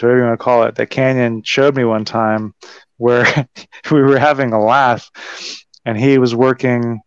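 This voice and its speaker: A man chatting casually on a livestream, rambling through warm stories with lots of fillers over a video call. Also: medium pitch, smooth, no echo. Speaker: wrestling podcast guest. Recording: dull, dry lo-fi stream audio.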